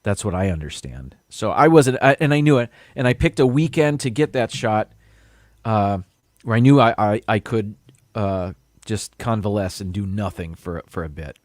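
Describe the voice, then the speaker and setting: A man with a slightly low voice hosts a casual live stream. He rambles, pauses on fillers and trips over words he does not know. The sound is dry and close to the mic. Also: lively intonation, dry recording. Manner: rambling, reads viewer comments, stumbles over unfamiliar words.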